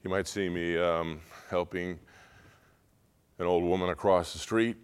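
Casting: middle-aged male pastor, smooth resonant voice, heartfelt sermon delivery. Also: low-pitched, level tone, a little slow. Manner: earnest, swings from quiet confiding to loud emotional pleading.

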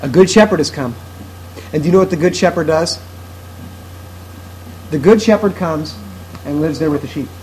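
High-voiced earnest male preacher. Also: a little mellow, a little hiss or hum, poor audio. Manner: earnest, repetitive, emphatic preaching. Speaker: pastor. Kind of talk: sermon.

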